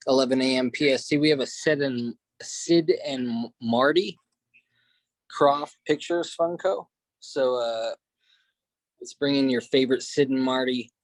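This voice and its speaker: Man, mid voice, relaxed, halting, casual podcast, dry sound. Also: mid-range voice, dry recording, poor audio. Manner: relaxed, halting, many uhs. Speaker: podcast co-host. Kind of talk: casual chat.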